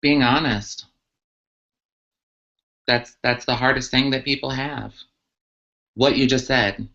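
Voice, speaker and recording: A woman's voice: a bass voice, steady tone, slow, pauses often, fairly bright tone. A woman, a transgender activist, answering questions earnestly in a live online talk, with many ums and restarts. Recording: muffled lo-fi livestream audio.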